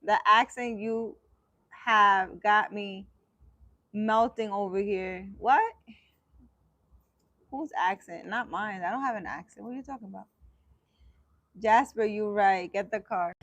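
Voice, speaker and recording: A woman hosting a casual livestream, bantering with her viewers in a teasing, emphatic way. Her voice sits at an ordinary middle pitch and sounds dry and close, with no room around it. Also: a little slow, pauses often, a bit bright, no room sound. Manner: playful and teasing, emphatic, laughs often. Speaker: livestream host answering viewers.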